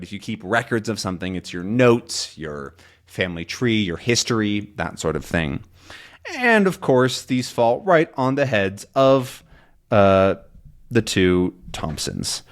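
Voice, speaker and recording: A man teaching English, explaining a comic story in a casual, patient way, stopping often to explain words. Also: fairly low pitch. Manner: explains words slowly, many fillers and restarts.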